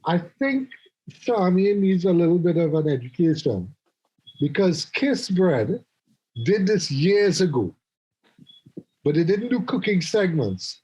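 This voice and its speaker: A man's voice: on the high side, expressive, normal speed, dark tone, breathy edge, poor audio. A man hosting a casual podcast panel, chatty and opinionated, often restarting his sentences. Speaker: podcast host.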